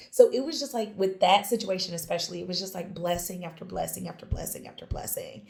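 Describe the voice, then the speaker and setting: Young adult woman guest, slightly low voice, animated storyteller who acts out dialogue. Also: fast talker, gravelly, few pauses. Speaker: podcast guest, small business founder. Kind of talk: casual chat.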